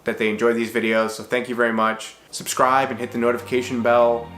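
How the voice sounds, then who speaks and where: A man's voice: medium pitch, little pitch movement, fairly quick, fairly bright tone. A man in his thirties, originally from Czechoslovakia, answering viewer questions in a casual vlog, thoughtful and a little self-deprecating with frequent fillers and restarts.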